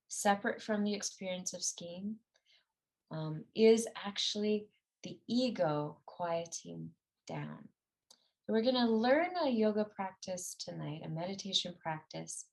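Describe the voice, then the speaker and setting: A middle-aged woman teaching a mental-training class, speaking in an earnest, conversational way with some fillers and self-corrections. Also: on the low side. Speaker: meditation and ski performance teacher. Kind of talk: guided class talk.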